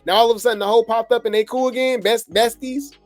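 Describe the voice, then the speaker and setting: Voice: medium pitch, fairly even intonation, fast, no room sound, soft background music. A gossip commentary host, reacting to clips with sarcastic, incredulous asides.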